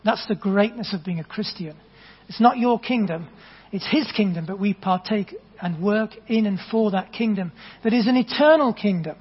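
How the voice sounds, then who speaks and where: A man preaching a sermon in an earnest, conversational storytelling manner, with gentle asides to the congregation. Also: sits high, normal speed, breathy edge. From England. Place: church hall. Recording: dull, long reverb in a church hall.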